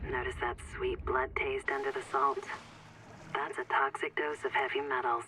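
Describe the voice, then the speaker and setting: A deadpan, grim game ecologist. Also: female voice, extremely low pitch, moderate pace, a little hiss or hum, poor audio. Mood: sardonic. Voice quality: dry, deadpan with whispered asides. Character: grim, sardonic woman ecologist survivor. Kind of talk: video game voice acting.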